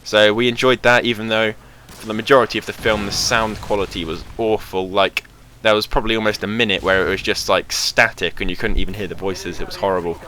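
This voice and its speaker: A man's voice: fairly low pitch, steady tone, fairly quick, hardly any pauses, bright, forceful tone, slight background noise. A young man chatting casually over gameplay footage as host of his gaming channel, rambling with lots of fillers. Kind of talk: casual game commentary.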